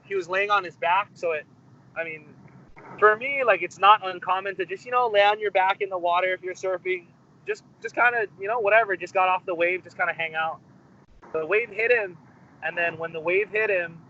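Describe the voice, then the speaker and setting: Bright-voiced young man, casual. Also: on the high side. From Hawaii. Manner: relaxed, rambling, many fillers and restarts. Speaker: musician guest. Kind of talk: casual interview storytelling. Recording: dull lo-fi interview audio.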